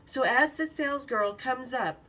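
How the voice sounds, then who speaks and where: Frank, bright-voiced woman telling stories. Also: high-pitched, a little slow, recorded from a distance. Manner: frank, profane, laughs often. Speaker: podcast host. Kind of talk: candid storytelling.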